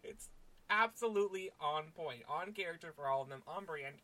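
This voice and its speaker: A man's voice: on the high side, normal speed, pushed and bright, low-quality recording. A man chatting casually on a podcast, dry and laid-back, swearing now and then. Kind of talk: casual chat.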